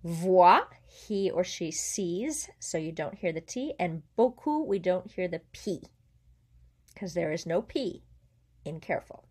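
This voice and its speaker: A woman's voice: lowish voice, warm tone. Woman patiently teaching pronunciation. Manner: clear, careful, patient explaining with slowed example words. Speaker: French teacher. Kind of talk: language lesson.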